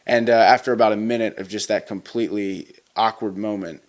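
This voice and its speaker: Here a twenty-something male wrestler talks briskly at a fairly low pitch, his tone steady. The interview is casual storytelling that rambles along with plenty of fillers and false starts.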